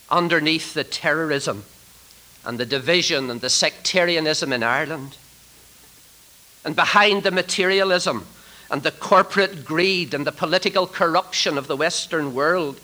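A man preaching a sermon to trainee ministers, swinging from loud emphatic declarations to hushed, near-whispered lines. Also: on the high side, normal speed, low-quality recording.

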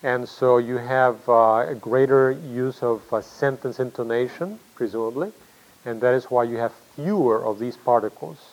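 A man giving a classroom lecture, explaining patiently, thinking aloud with many pauses and fillers and putting questions to himself. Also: mid-range voice, poor audio.

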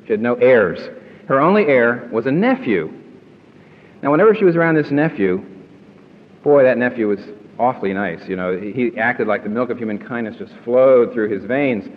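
A man's voice: mid-range voice, expressive, moderate pace. Guy preaching a sermon, emphatic, asks the crowd stuff, muffled recording with long hall echo. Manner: emphatic, asks the audience questions.

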